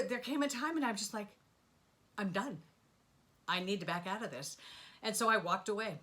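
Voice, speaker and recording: A middle-aged woman telling a rambling personal story in a casual monologue, animated and full of asides and sound effects. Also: mid-range voice. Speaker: spiritual vlogger.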